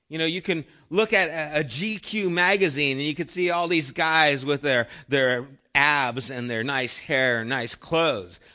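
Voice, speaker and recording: Bright-voiced man preaching with earnest emphasis. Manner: earnest preaching with rhetorical questions, many soft low trailing phrases. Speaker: pastor. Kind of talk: sermon.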